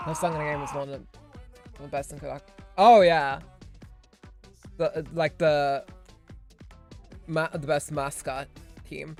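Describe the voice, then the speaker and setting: A man's voice: fairly high pitch, steady tone, a little slow, long pauses, a little mellow, faint music behind. A male voice actor and streamer giving casual gaming commentary, chatty and joking with swearing asides.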